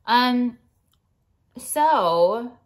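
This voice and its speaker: A woman's voice: on the high side, animated, drawn-out words. Blunt, profane young woman ranting. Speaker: jewelry designer and vlogger. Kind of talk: casual ranting vlog.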